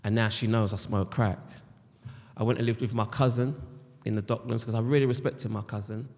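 A man's voice: fairly low pitch, fairly even intonation, fairly quick, gravelly, darkish tone. A middle-aged British man giving a candid personal testimony about his recovery, rambling and repeating words and phrases. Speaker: speaker sharing his recovery story. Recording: long hall reverb.

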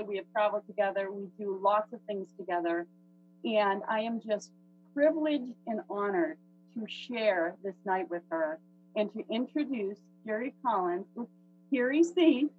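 A woman chatting casually as she introduces the evening's speaker on a video call. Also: on the high side. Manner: chatty, with many fillers. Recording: phone-like dry husky audio.

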